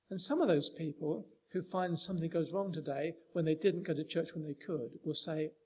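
A man's voice: high-pitched, slightly rough. A man preaching a sermon, talking with emphatic rises and frequent rhetorical questions to the congregation.

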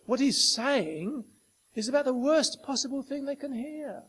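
High-voiced man preaching emphatically. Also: expressive, measured pace, a bit bright, breathy edge. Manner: emphatic, rhetorical questions to the listeners. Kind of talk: sermon.

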